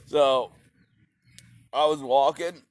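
A man's voice: medium pitch, fairly even intonation, very slow, dry recording. A man talking in a rambling, profane philosophical monologue, repeating his phrases as he goes.

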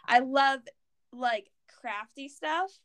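A woman's voice: high-pitched, slow pace, clean tone. A teenage girl co-hosting a podcast in casual chat, giggly and rambling with lots of filler words. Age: teens. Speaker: podcast co-host.

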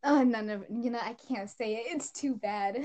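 Giggling and breaking into laughter, a teen girl shares a story while casually chatting as a podcast co-host. She speaks at a normal speed in a slightly high, somewhat mellow voice.

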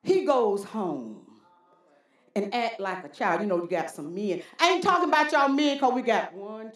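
Animated woman preacher in an echoey church. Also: on the high side, normal speed. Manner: animated, call-and-response, folksy. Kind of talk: sermon. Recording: roomy church hall echo.

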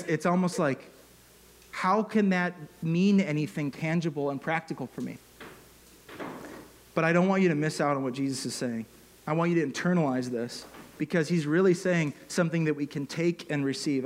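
Guy preaching a sermon, kinda high voice, earnest, builds up to loud bits. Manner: earnest, building to emphatic peaks with fillers. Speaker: pastor.

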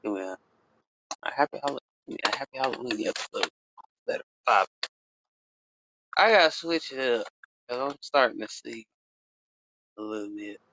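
A man tells a story on his casual podcast. He swears a lot, and his pitch swings widely as he breaks into sudden loud exclamations. The recording sounds dull and lo-fi. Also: lively intonation, moderate pace, long pauses, a little hiss or hum. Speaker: podcast host.

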